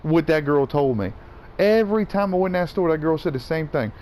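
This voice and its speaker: A man's voice: a little high, expressive, a little fast, darkish tone, a little hiss or hum. Profane ranting man. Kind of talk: casual gaming rant.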